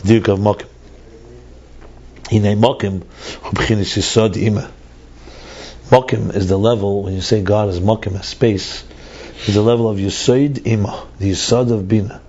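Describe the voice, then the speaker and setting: A man with a lowish, dark, mellow voice leads a study class. He reasons aloud, circling back and repeating words as he works through the text. The recording sounds dull and lo-fi, with a faint hiss behind him. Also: fairly even intonation, moderate pace, long pauses. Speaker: teacher of a Chassidus class.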